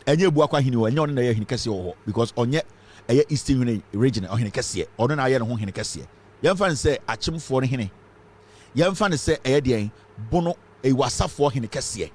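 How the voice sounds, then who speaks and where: A Ghanaian man with a Ghanaian accent delivers fiery political commentary packed with rhetorical questions, switching between English and Twi. His voice is medium-pitched, expressive and fairly quick.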